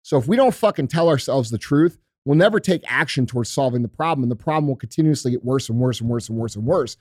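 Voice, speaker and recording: A man's voice: mid-range voice, lively intonation, fast talker, darkish tone, no room sound, clean studio sound. A male podcast host giving a blunt, profane motivational talk in a casual, emphatic way.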